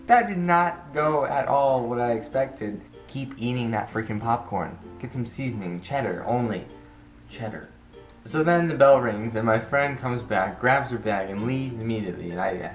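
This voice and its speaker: A teenage man telling an embarrassing story to camera in a rambling, casual way, restarting sentences and acting out the quotes. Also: medium pitch. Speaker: vlogger. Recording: roomy echo with faint guitar music.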